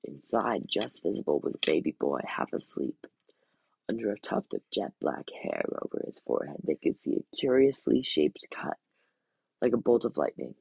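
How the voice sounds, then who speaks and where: A man hosting a podcast, reading a novel aloud in a steady, plain way with small slips, then reviewing it. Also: fairly low pitch, moderate pace, vocal fry, slightly rough, no room sound, rough recording.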